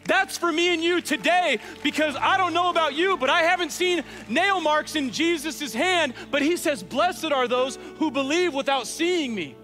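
A man's voice: very high voice, lively intonation, moderate pace, few pauses, pushed and bright. A man preaching a sermon as pastor, emphatic and repeating phrases for stress, with faint music behind him.

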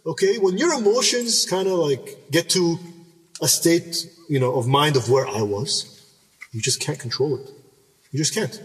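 A man's voice: fairly high pitch, a little slow. A man telling a personal story in conversation, emphatic and repeating himself as he goes. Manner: animated, emphatic, repeats words and restarts. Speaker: podcast guest. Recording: reverberant room, mic at a distance.

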